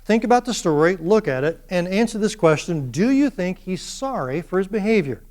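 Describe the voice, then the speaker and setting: High-voiced animated male lecturer. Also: normal speed. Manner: animated, engages students with questions. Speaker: university lecturer. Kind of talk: classroom lecture. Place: lecture classroom.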